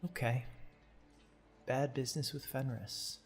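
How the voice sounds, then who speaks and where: A man narrating a tabletop game as game master, easygoing and quick to laugh. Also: medium pitch, steady tone, soft background music.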